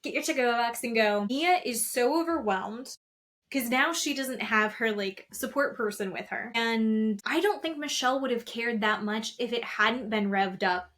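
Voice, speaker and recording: Lively woman podcast host gossiping about reality tv, kinda high voice, does the quotes, swears a lot. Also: a little slow. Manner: animated, acts out quotes, swears freely. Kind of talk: casual chat recapping reality TV.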